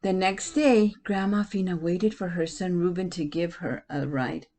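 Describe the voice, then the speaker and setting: Slow-reading woman teacher. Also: on the low side, warm tone, a little hiss or hum. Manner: stops to ask listeners questions. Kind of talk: reading a picture book aloud to children.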